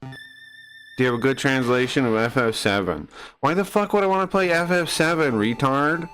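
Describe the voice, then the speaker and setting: A man's voice: moderate pace, a bit bright, faint music behind. Brash, combative male streamer. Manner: combative, mocking, crude and blunt; drops to low muttering asides. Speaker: streamer answering chat. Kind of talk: casual live-stream rant.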